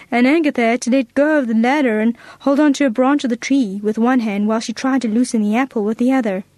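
A woman reading a children's story aloud in a gentle, expressive way. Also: fairly high pitch, no echo.

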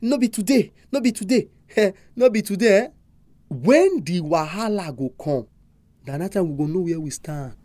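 A preacher with a Nigerian accent delivering a sermon, full of animated, emphatic rhetorical questions. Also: medium pitch, moderate pace, no echo.

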